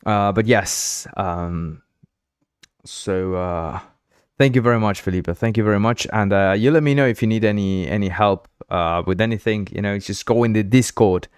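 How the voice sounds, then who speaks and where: A young man from Uruguay, hosting a game engine livestream in a rambling, excitable chat full of fillers. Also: on the low side, moderate pace, clean tone, dry recording, clean studio sound. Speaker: livestream host.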